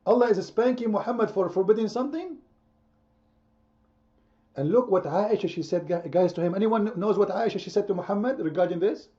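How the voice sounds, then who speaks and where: A man's voice: high-pitched, a little fast, mellow, highs cut off. A man hosting a heated online debate, speaking emphatically, repeating his points and quizzing his listeners. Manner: emphatic, repetitive, quizzing the audience. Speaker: debate host.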